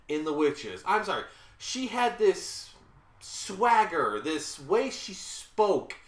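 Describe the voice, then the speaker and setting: A reviewer in their thirties from the American South, giving a blunt, casual movie rant and often saying sorry between complaints. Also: mid-range voice. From Southern United States. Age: 30s. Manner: blunt and exasperated, with repeated apologies. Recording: roomy echo.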